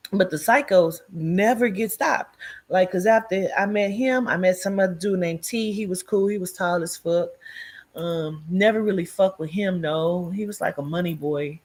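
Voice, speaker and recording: A woman telling her own life story in a casual, animated way, cursing freely and acting out what people said. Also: lowish voice, normal speed. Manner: profane, blunt and animated, acts out quoted speech; addresses listeners directly as "child" and "girl".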